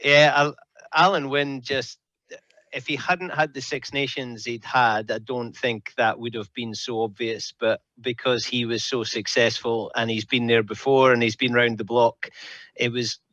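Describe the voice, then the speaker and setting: A man chatting as a guest on a rugby panel, relaxed and joking. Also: medium pitch, a little slow, no echo. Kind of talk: casual panel chat. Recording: dry, dull lo-fi sound.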